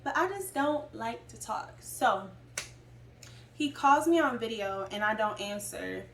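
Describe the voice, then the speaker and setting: A woman's voice: a little high, unhurried, fairly bright tone, far from the mic. A young woman telling a personal story in a chatty, rambling way, full of asides. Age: young adult. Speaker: vlogger. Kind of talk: casual storytime. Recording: roomy, away from mic, faint noise.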